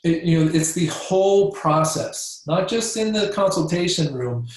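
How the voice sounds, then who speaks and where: Male workshop trainer, informal and animated, slightly high voice, very echoey room. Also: a little slow. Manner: acts out patient and doctor voices, many fillers and restarts.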